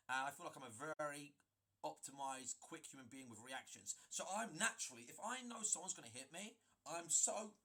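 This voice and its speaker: A man recounting a story for his vlog, emphatic and often restarting his sentences. His voice is husky and fairly high, with a bright edge. His pitch swings widely as he talks. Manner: animated, emphatic, frequent restarts. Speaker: gaming video creator.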